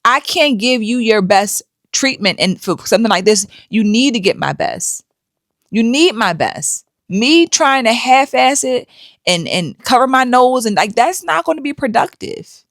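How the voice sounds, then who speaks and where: A woman's voice: fairly high pitch, animated, a little slow, fairly bright tone, no room sound, clean studio sound. A woman hosting a commentary vlog, talking in a conversational, opinionated way with frequent fillers. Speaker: host.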